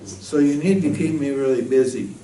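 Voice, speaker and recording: A man's voice: mid-range voice, normal speed, dark tone, a little hiss or hum, natural voice. A man voicing a huge, muscular male genie who eats people and says so in a cheerful, matter-of-fact way. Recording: roomy, distant mic, faint ambience.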